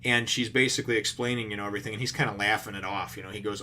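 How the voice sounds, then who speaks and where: A man's voice: on the low side, fairly even intonation, sharp tone, slight background noise. A man giving a casual, rambling recap of a manga chapter, full of fillers and the odd curse word. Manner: rambling, filler-heavy retelling with casual swearing; acts out characters' lines in quick paraphrase. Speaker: manga reviewer.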